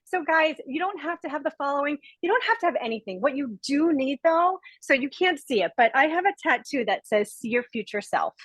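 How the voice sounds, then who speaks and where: A woman's voice: high voice, animated, a little fast, hardly any pauses, a bit bright, dry recording, poor audio. A woman in her forties from Rhode Island, emotional and near tears, giving an earnest, gushing testimonial as a guest speaker on a webinar video call.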